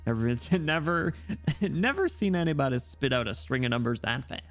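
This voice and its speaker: A man's voice: a little high, very animated, brisk, a bit bright, soft background music. A man streaming a game, reacting in a chatty, giggly way. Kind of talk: casual game streaming chat.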